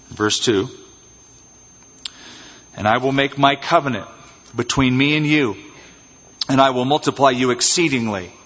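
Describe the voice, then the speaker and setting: A man preaching an expository sermon as pastor, animated and acting out little scenes in changed voices. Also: medium pitch, breathy edge. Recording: dull, reverberant church hall sound.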